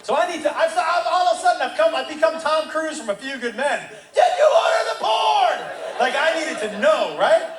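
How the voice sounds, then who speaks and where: A man doing stand-up, telling a story in an animated way that bursts into shouting. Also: very high-pitched, fairly quick, few pauses, crowd noise. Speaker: comedian. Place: comedy club stage. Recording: roomy live club recording from a distance. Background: audience laughter and room noise.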